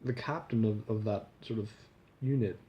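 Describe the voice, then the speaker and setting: A man's voice: on the low side, normal speed, dull audio, a little hiss or hum. Rambling, casually swearing man reviewer. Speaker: video reviewer.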